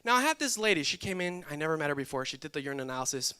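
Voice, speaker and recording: A young man preaching to a church crowd in a high, clear, ringing voice. He is lively and jokes with his listeners, teasing them as he goes. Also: rapid-fire. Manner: lively and joking, teasing the audience. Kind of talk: sermon. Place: church hall with live audience.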